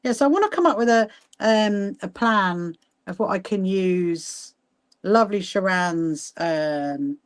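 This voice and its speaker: Woman, sewing livestream host, chatty, greets viewers, frequent laughter, mid pitch. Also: lively intonation, a little slow. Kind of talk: casual livestream chat while sewing. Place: sewing room at home.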